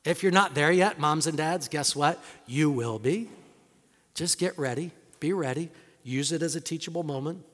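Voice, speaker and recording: A middle-aged male pastor preaching a sermon in a conversational style, firing rhetorical questions and moving between emphatic points and hushed asides. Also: a little high, moderate pace. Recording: long reverb of a large hall.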